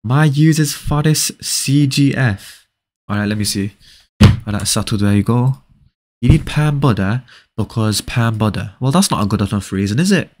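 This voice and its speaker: A young man at a middle pitch hosts a live game stream, reading out viewer comments and firing back playful, teasing answers. He repeats short phrases in rapid bursts and keeps the back-and-forth loose and casual. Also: expressive, darkish tone.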